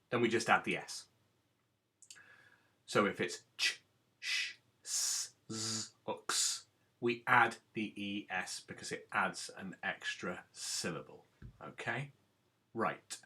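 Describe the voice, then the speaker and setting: A man's voice: on the low side, pushed and bright. A man teaching a recorded phonics lesson to children, patiently sounding out words. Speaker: primary school teacher.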